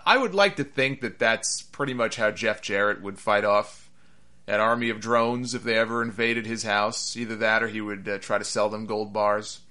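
A man with a bright, forceful voice runs through a casual review show. He talks in a chatty, animated way, often breaking into laughter at the absurd bits. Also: medium pitch. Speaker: wrestling podcast host.

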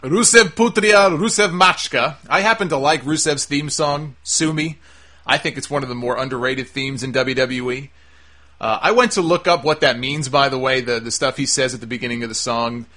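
A man's voice: medium pitch, bright, forceful tone. A man giving a casual, opinionated monologue reviewing a wrestling show, sarcastic and swearing freely.

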